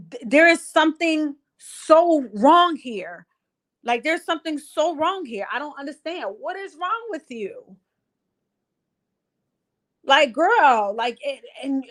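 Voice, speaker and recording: A woman's voice: high-pitched, fairly bright tone. An exasperated woman, ranting in a heated casual chat and repeating herself.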